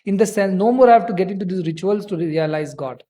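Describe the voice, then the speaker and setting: A man's voice: high-pitched, fast talker, dark tone. A man, a spiritual teacher giving a conversational discourse and telling stories with quoted dialogue.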